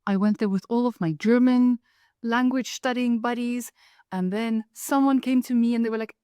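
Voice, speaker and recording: A woman's voice: a little high, moderate pace, clear, resonant tone, no echo, clean studio sound. Wry woman telling stories. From South Africa. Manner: lively, wry, acts out the people in her stories. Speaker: author and storyteller. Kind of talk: personal storytelling monologue.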